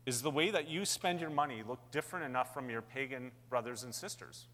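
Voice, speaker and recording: A man preaching a sermon as pastor, conversational, asking questions and building to animated peaks. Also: mid-range voice, a little fast, in a large hall.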